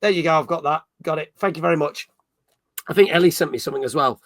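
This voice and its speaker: A man's voice: on the high side, fast, a bit bright, no echo, clean studio sound. A middle-aged man hosting a casual gaming stream, chatting and reading out viewer comments. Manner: chatty, reads chat comments aloud, jokey. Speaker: podcast host. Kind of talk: casual live-stream chat.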